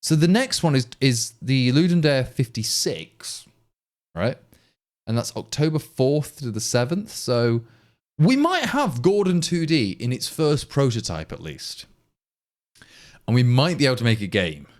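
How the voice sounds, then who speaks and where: On his live coding stream, an East Midlands-accented programmer from Leicestershire, England, chats casually, talking through his thoughts and fielding viewer questions. His mid-range voice is very animated, though his pace stays measured.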